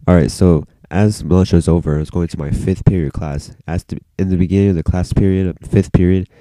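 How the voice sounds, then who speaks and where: A male vlogger tells a story straight to camera in a loose, rambling way, swearing freely and leaning on "like." His voice sits low and very dark and mellow. The sound is dry and close. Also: steady tone, a little fast, no room sound. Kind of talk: casual storytime vlog.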